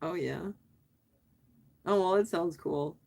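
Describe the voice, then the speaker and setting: A woman's voice: fairly low pitch, slow, creaky, darkish tone. A middle-aged woman hosting a casual livestream, chatting with viewers and reading their comments aloud, asking questions back and laughing often. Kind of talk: casual live chat.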